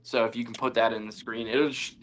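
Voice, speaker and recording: A man's voice: medium pitch, level tone, brisk, a bit bright, a little hiss or hum. A young man co-hosting a casual sports chat, talking loosely with lots of fillers. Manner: loose, filler-heavy talk. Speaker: co-host.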